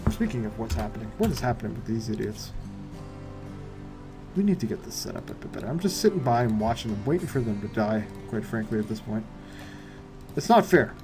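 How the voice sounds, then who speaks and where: A man streaming a game live, muttering to himself in casual commentary full of wry asides and rhetorical questions. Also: medium pitch.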